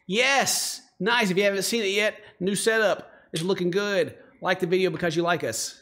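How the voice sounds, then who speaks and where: A man's voice: high voice, moderate pace, hardly any pauses. A man hosting a casual meme reaction show, laughing often and joking around. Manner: laughs often, jokey, animated. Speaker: YouTube host reacting to memes. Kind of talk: casual comedic commentary.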